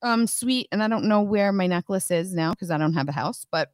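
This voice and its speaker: A woman telling a story on a podcast in casual chat, animated and swearing often between bursts of laughter. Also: medium pitch, a little fast, dry recording. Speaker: podcast co-host.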